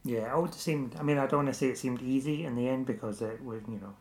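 A man's voice: medium pitch, fast, reverberant. A man co-hosting a casual TV review chat, wry and conversational. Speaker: podcast co-host.

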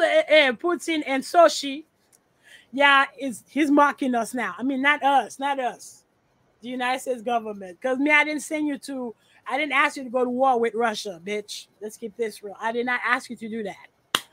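A woman's voice: high-pitched, moderate pace, a bit bright, no room sound. A woman guesting on a podcast over a remote call, talking bluntly with profanity and repeating her points. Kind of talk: casual podcast chat.

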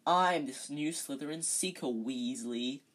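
A reader voicing a smug, cold schoolboy wizard who speaks smoothly and sneers, in a fan storybook reading. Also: mid-range voice, measured pace, a bit bright, lightly acted.

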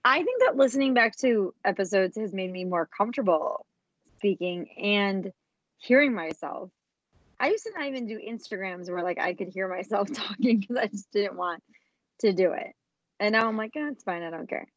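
A woman's voice: medium pitch, lively intonation, moderate pace, no room sound, highs cut off. A woman in her thirties co-hosting a podcast, chatting casually and frankly, swearing freely. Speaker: podcast co-host. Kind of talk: casual chat.

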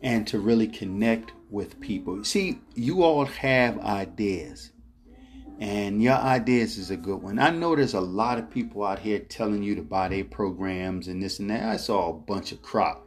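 A man's voice: lowish voice, measured pace. A middle-aged man telling a story in a casual, rambling way. He repeats words, chuckles as he goes, and speaks straight to his viewers. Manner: addresses viewers directly as ladies and gentlemen. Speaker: travel vlogger.

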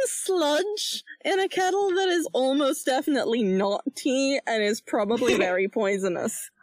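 A woman narrates her tabletop character in a rambling, casual way, full of fillers. Her voice is high and lively. The sound is close and dry. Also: normal speed, hardly any pauses, dry recording.

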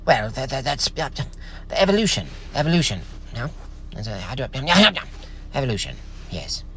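A man's voice: mid-range voice, big pitch swings, normal speed, pushed and bright, a little hiss or hum. A man doing a stammering, self-important British atheist author and father with a British accent, as a comedy bit. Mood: flustered. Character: smug pompous male atheist author and father, an impression. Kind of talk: comedic character voice on a stream.

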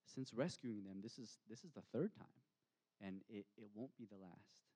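A man preaching a sermon as pastor, reflective, reading scripture aloud with slow, emphatic pauses. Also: fairly low pitch, mellow, husky.

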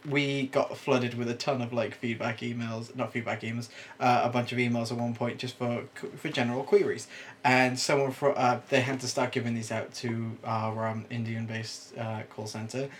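A man's voice: mid-range voice, level tone, moderate pace, slight background noise. Young man, co-host, casual rambling chat with lots of restarts.

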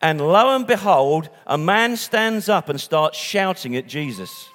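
A man delivers a sermon in a loose, conversational way, stopping to correct himself and add asides. His voice sits a little high for a man. The sound rings with the long reverb of a hall. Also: sing-song, normal speed, hardly any pauses, fairly bright tone. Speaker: preacher.

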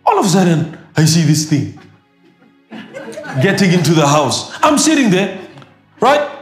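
Emphatic preacher man, lively and high. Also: unhurried, echoey room, faint music behind. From South Africa. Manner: emphatic, repetitive preaching with sudden shouts and laughs. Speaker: pastor. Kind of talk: sermon.

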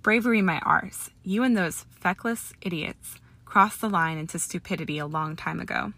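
A woman voicing a scornful, hot-tempered young male wizard who snarls and shouts in an audiobook reading. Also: on the low side, moderate pace, gravelly, no echo, exaggerated voice. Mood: angry, shouting.

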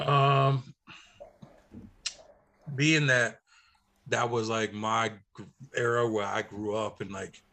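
A man's voice: on the low side, fairly even intonation, slow pace, pauses often, sharp tone. A middle-aged man co-hosting a casual talk show, reminiscing in a laid-back way with many restarts.

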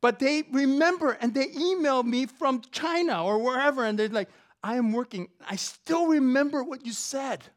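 A woman preaching a sermon, moving between soft conversational asides and loud, emphatic passages. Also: high voice, lively intonation, moderate pace. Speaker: professor.

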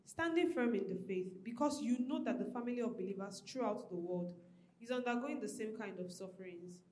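A woman's voice: fairly high pitch, expressive, brisk, a little mellow. Woman reading scripture in a roomy space. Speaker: scripture reader in a church service.

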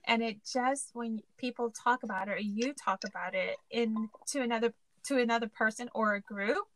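A woman's voice: fairly high pitch, moderate pace, fairly bright tone, slight background noise. A woman hosting a casual interview, talking in a chatty, rambling way with many fillers. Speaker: podcast host.

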